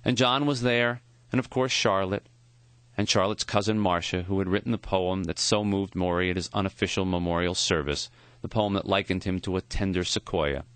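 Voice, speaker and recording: A man quietly narrating a memoir audiobook in a measured, reflective way. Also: sits low, fairly even intonation, smooth, no echo.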